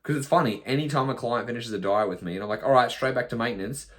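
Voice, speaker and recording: A man, a nutrition coach, talking bluntly in a podcast monologue, swearing often and mimicking clients in quick asides. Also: mid-range voice.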